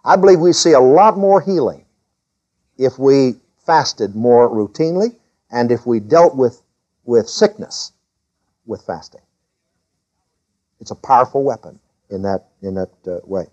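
A man preaching a sermon as a pastor, reading scripture in a lifted voice and dropping low to explain it. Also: animated, a little slow, pauses often, dark tone, lo-fi sound.

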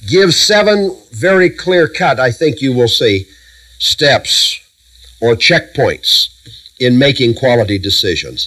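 A middle-aged man preaching a sermon, walking a congregation through Bible verses with emphatic lists and measured pauses. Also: medium pitch, expressive, bright, forceful tone, rough recording.

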